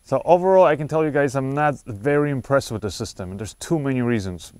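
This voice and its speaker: A man's voice: medium pitch, a little fast, a little mellow. Man reviewing gear on a clip-on lav. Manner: explanatory, lots of uh fillers and restarts. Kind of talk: casual product review. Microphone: wireless lavalier clipped to shirt.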